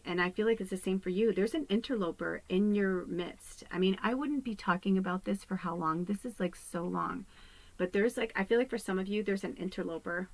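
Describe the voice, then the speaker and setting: A woman, a psychic medium, giving a casual spiritual card reading in a rambling, animated way that keeps dropping into hushed asides. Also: mid-range voice, low-quality recording.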